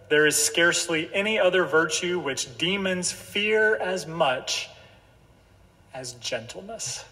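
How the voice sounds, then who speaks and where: A man's voice: on the high side, sharp tone. Preaching man in a reverberant church. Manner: slow, emphatic preaching with repeated phrases. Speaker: pastor. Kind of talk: sermon. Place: church sanctuary.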